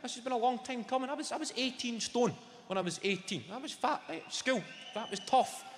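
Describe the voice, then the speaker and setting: A man's voice: very high-pitched, a little fast. A Scottish man doing a sweary stand-up comedy set, telling stories brashly. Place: large venue stage. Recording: echoey hall with loud audience ambience. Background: audience laughter.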